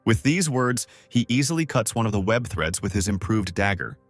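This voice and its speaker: A man narrating a comic story recap as scripted narration, voicing each character's lines by raising his pitch. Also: normal speed, no echo, faint music behind. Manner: lively, voices characters with higher pitch.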